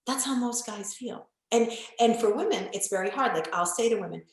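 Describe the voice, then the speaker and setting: A woman's voice: fairly high pitch, a little fast. A woman coach speaking in a candid podcast conversation, blunt and emphatic, with occasional swearing. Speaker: relationship coach guest. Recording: very echoey room.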